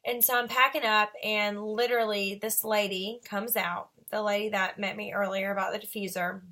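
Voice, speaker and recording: A woman's voice: mid-range voice, little pitch movement, moderate pace, bright, forceful tone. A woman, earnestly telling a story to her sales team in a casual motivational vlog. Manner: earnest storytelling, quoting others. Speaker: direct sales team leader.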